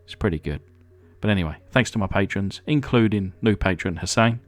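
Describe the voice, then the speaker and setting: A man's voice: lowish voice, fairly quick, soft background music. A man from England hosting a casual hobby vlog, chatty and rambling, with lots of ums and uhs. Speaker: diecast restoration channel host.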